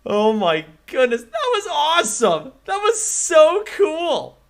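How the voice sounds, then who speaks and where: A man streaming gameplay, talking in an excitable, rambling way and laughing often. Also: extremely high pitch, slow pace. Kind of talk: live gameplay commentary.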